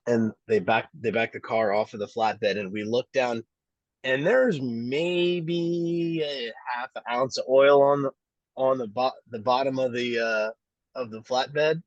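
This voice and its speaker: A man's voice: mid-range voice, a little slow. A man co-hosting a podcast, telling a story in casual chat and often repeating words as he goes. His recording sounds dull and a little muffled. It is dry, with no room echo. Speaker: podcast co-host.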